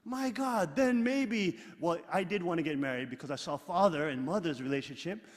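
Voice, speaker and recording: A middle-aged man preaching a sermon, emphatic and animated, loud exclamations alternating with quiet asides, leading his congregation in reading aloud. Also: on the high side, normal speed. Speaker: pastor. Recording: long hall reverb.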